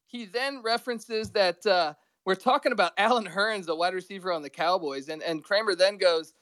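A man calling in as a podcast guest on a cell phone with earphones, telling rambling, excitable stories. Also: high voice, moderate pace, few pauses, dry recording. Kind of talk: casual sports chat.

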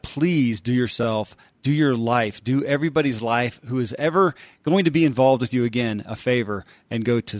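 A man's voice: medium pitch, fairly bright tone, dry recording. A man hosting a podcast, encouraging and speaking straight to his listeners. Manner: encouraging, addresses listeners directly. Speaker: podcast host. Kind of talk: podcast chat.

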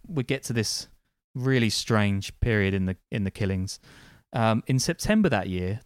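A man's voice: mid-range voice, a little mellow, smooth, no room sound. A man hosting a podcast, recounting events from notes in a casual, wry way with dry asides and frequent ums. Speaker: podcast host.

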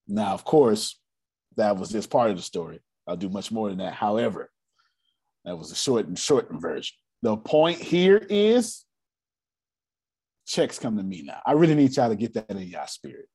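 A man coaching a live audience on business cash flow, animated and repetitive. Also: lowish voice, normal speed, husky, no room sound. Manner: animated, repetitive, drops into playful put-on voices. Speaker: finance coach. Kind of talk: live online business teaching.

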